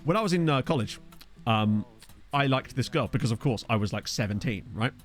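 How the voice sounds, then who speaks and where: Young male game streamer, upbeat and bouncy delivery, self-deprecating storyteller over soft background music. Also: mid-range voice, animated, brisk. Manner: rambling, self-mocking storyteller with frequent laughs. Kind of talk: casual gameplay chat with chat readers. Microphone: desktop USB mic.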